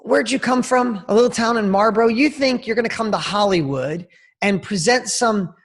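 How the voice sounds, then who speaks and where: Brief: a man doing a sneering, contemptuous Hollywood manager, higher and louder than his usual voice. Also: expressive, normal speed. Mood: mocking. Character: scornful male Hollywood manager, mocking and hostile.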